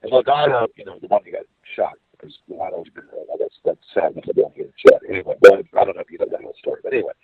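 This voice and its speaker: Man, lively swooping pitch, rambling and profane, sounds like he is on a tinny phone line. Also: very fast, few pauses, husky, no echo. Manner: profane rambling storyteller, acts out quoted voices. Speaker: podcast guest telling a story. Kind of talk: casual storytelling chat.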